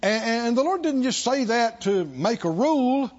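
A man's voice: very high-pitched, sing-song, moderate pace, dull audio. A man preaching a sermon to a church congregation, leading call-and-response and stretching out repeated phrases for emphasis. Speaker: pastor.

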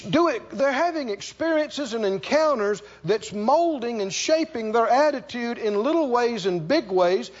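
A male preacher with a high, expressive voice tells stories in an emphatic sermon, and the recording is slightly muffled. He adds animated asides and laughter, repeating key lines slowly.

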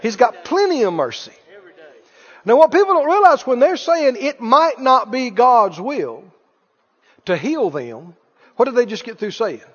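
Male pastor preaching, high lively voice, acts out Bible dialogue, dull reverberant hall recording. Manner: animated preaching, acting out Bible dialogue, chuckling. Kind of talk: sermon.

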